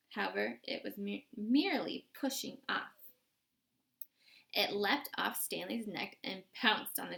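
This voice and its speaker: Woman reader with heavy vocal fry. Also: medium pitch, fairly bright tone. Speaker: audiobook reader. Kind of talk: reading a novel aloud.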